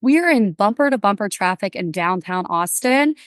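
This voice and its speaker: A woman, a counselor and podcast guest, telling lively stories in a casual interview and acting out what she and others said. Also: mid-range voice, normal speed, no room sound. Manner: animated storyteller, acts out quotes.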